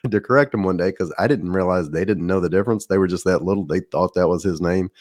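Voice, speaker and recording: A man's voice: low voice, quick pace, a little mellow. A middle-aged man with a Southern drawl, hosting a podcast and telling a rambling, folksy story in a casual monologue. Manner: folksy, rambling, laughs at his own stories. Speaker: podcast host.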